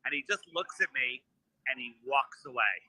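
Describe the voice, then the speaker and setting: A man telling a story in casual chat, animated and acting out the lines of the people in it. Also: medium pitch, moderate pace, breathy edge, dry recording, low-quality recording. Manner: animated, acts out quoted dialogue. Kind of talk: casual storytelling on a live stream.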